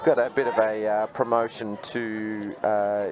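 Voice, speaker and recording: An Australian man giving relaxed, chatty play-by-play commentary on a softball game. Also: lowish voice, a little slow, muffled recording. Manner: chatty, relaxed, greets viewers. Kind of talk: live sports commentary. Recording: outdoor broadcast with crowd noise.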